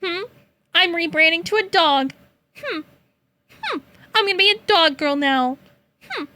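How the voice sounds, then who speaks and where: A young woman streaming, chatting playfully with her viewers, teasing and laughing often and breaking into high meows. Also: expressive, measured pace, bright, forceful tone, no echo. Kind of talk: casual chat with chat.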